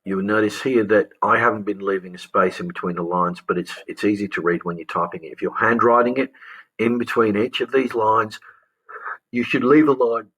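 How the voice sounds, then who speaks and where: A man's voice: fairly low pitch, fairly even intonation, fairly quick, a bit bright, slightly rough, rough recording. A man, casually talking through a script example as a teacher. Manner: casual, thinking aloud with restarts. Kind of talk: explaining a script.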